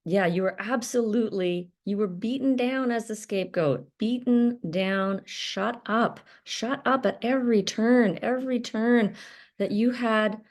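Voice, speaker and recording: A woman's voice: fairly high pitch, a little slow, a little mellow. A woman talking earnestly to camera in a self-help video, stressing points by repeating words, with many fillers.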